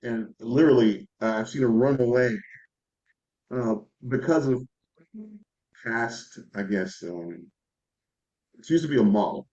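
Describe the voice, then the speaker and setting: A man taking part in an online class over a video call, speaking in a halting, thoughtful way. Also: mid-range voice, mellow, muffled recording. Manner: halting, thoughtful, with fillers and restarts. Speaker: class participant.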